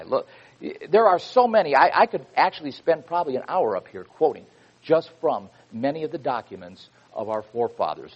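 A man's voice: fairly high pitch, husky, lo-fi sound. A man preaching a sermon from the pulpit, speaking emphatically and reading quotations with rising fervor.

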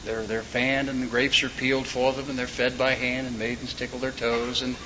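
A man's voice: medium pitch, little pitch movement, brisk, bright, forceful tone. A man preaching a sermon in a folksy way, with joking asides and short told stories. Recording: dull lo-fi recording with faint background noise.

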